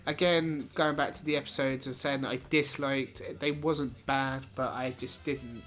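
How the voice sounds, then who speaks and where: A man's voice: mid-range voice, fairly even intonation, normal speed, a bit bright, soft background music. A young British man hosting a casual review chat, rambling and laughing often as he corrects himself. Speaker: YouTube reviewer and host.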